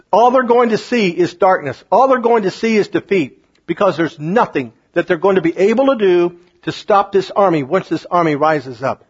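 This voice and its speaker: Fervent high-voiced husky male preacher. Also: highs cut off. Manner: fervent preaching with scripture reading and repetition. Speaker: pastor. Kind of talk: sermon.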